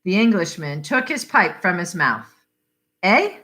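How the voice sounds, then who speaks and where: A woman reading a short story aloud for adult listeners, unhurried and expressive. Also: lowish voice. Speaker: reader.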